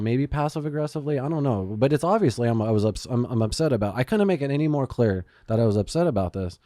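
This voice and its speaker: A man's voice: mid-range voice, warm tone, dry recording, clean studio sound. A man hosting a podcast, telling a story in casual chat, swearing often and using lots of fillers. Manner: profane storytelling, swears a lot, many fillers. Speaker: podcast host.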